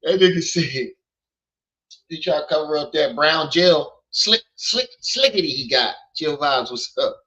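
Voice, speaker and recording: Here the host's voice sits a little high, expressive, pushed and bright, delivered at a measured pace over lo-fi streaming-mic audio. He's running a casual commentary stream, joking and swearing as he addresses his chat.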